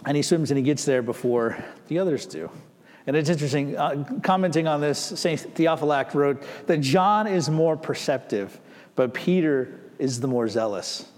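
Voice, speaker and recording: A man's voice: a little high, moderate pace, darkish tone, in a large hall. A man preaching a sermon as a pastor, speaking conversationally and acting out the people in the story. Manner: conversational, acting out quoted voices.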